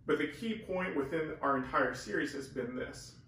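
A man's voice: medium pitch, moderate pace, a bit bright. A man co-hosting a conversational Bible teaching, speaking earnestly and emphatically with restarts, recorded on a camera mic from far off. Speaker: co-host of a Bible teaching talk. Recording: echoey room from far off with faint hiss.

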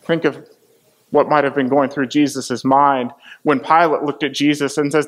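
A man's voice: mid-range voice, level tone, moderate pace. A man preaching a sermon, retelling a Bible story and acting out its quoted lines with dramatic emphasis.

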